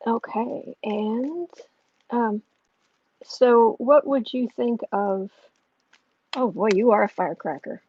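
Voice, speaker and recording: A woman's voice: on the high side, takes it slowly, pauses often, breathy edge, dull audio. A woman reading astrology and tarot on a casual home livestream, musing and thinking aloud as she goes.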